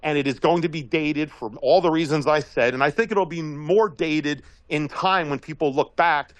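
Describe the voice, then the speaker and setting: A man giving a casual, rambling commentary monologue as a regular guest, telling stories in an animated way and laughing often. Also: fairly high pitch, normal speed, no echo, poor audio.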